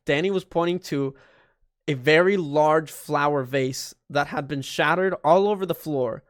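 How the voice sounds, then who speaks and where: A man's voice: a little high, measured pace, no echo, studio quality. A young man reading a fan story aloud, breaking off for joking, sarcastic asides. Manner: joking, sarcastic asides and mock-dramatic voices. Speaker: YouTuber.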